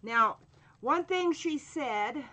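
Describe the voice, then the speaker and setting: A woman hosting a live painting stream, talking in an unhurried, drawn-out way. She chats casually, greets viewers by name and fills her pauses with "um" while she works with her hands. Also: high-pitched, lively intonation, bright, forceful tone. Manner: slow, drawn-out speech with frequent fillers. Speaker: craft channel host.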